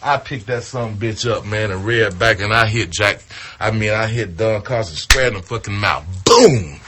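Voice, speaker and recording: A man telling a story about his wrestling days in a casual, profane, animated way, acting out what people said. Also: on the low side, normal speed, noisy background. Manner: profane, animated, acts out quotes.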